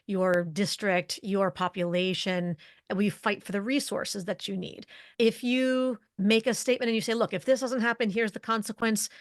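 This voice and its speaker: A woman's voice: mid-range voice, dry recording, clean studio sound. A middle-aged woman guest on a podcast, explaining leadership presence in an articulate way, laying out points through strings of rhetorical questions. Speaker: leadership communication expert guest. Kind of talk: conversational podcast interview.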